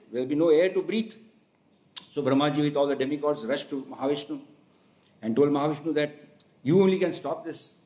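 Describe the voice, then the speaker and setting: A man telling a devotional story, narrating with lively asides and restarts. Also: a little high, roomy sound, rough recording. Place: temple town.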